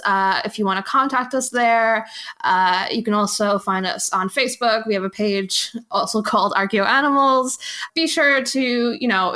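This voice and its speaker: A relaxed woman co-hosts a podcast in easy, casual chat. She jokes along and stops to correct herself mid-sentence. Her voice sits at a middle pitch. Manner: laid-back, joking, with self-corrections. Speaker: podcast co-host.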